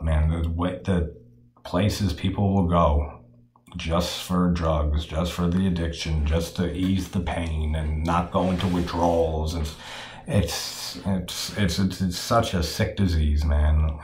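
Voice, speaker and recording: A man's voice: deep voice, echoey room. A man talking casually and frankly about a film, swearing freely and using many fillers. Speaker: horror film reviewer.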